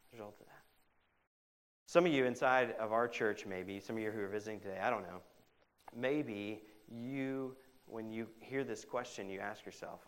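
Male pastor, mid-pitched voice, sermon with big swings from loud emphasis to hushed quotes, chatty asides. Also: normal speed. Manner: conversational asides with "right?".

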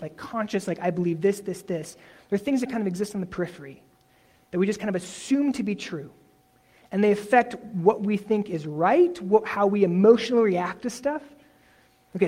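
A man preaching a sermon in a relaxed, conversational way, often acting out imagined replies. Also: high-pitched. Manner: conversational, self-correcting, uses imagined dialogue. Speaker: pastor.

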